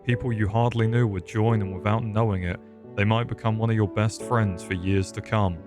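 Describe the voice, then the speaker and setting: A man's voice: on the low side, fairly even intonation, normal speed, music in the background. Rambling self-mocking young man. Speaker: YouTube host. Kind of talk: scripted video essay.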